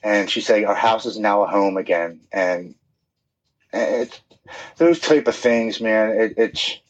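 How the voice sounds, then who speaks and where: A man's voice: on the low side, slow pace. A middle-aged man, a podcast guest, telling his recovery story in an earnest, heartfelt way, sometimes repeating words when moved.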